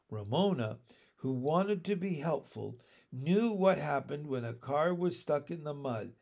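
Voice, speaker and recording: A man narrating a children's book aloud in a measured, expressive storytelling manner. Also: a little high, creaky.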